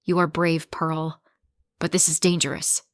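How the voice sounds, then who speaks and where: A woman reading as a calm male teacher. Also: sits low, a little slow, dry recording, studio quality. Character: friendly male teacher colleague.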